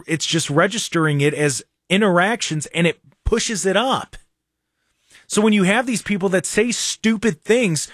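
A man's voice: high voice, fairly bright tone, no echo, clean studio sound. A man hosting a radio talk show, talking casually and sarcastically with mocking asides. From Ohio.

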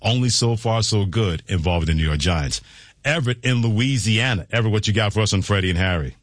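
A man hosting a sports talk radio show, reading segments and promos in a brisk way. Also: on the low side, no room sound.

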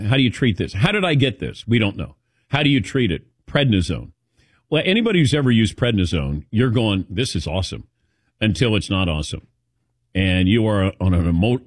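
A man's voice: lowish voice, no echo, clean studio sound. A man hosting a casual chat show, telling rambling personal stories. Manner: rambling anecdotal storytelling. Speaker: host.

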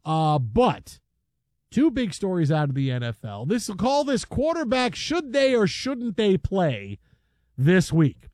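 A man hosting a sports talk show who tells a story in a lively, casual way, slipping into the voices of the people he quotes. His voice sits fairly high for a man. The sound is dry and close. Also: takes it slowly, no room sound. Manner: animated, acts out quotes.

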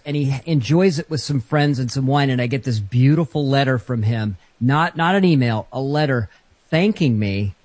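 A man co-hosting a casual chat show, telling an anecdote in a relaxed way. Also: medium pitch, no room sound.

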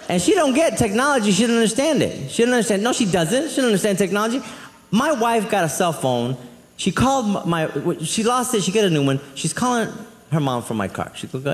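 A man doing a stand-up comedy set on a club stage, telling family stories in an animated way and acting out relatives in quick voices. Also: sits high, slight background noise. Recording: roomy live venue with reverb. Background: audience laughter.

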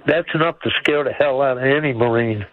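A man's voice: mid-range voice, fairly quick. A man in his seventies calling in to a radio show, blunt and folksy. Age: 70s. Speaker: caller. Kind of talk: call-in radio chat. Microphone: phone call. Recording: dull phone line.

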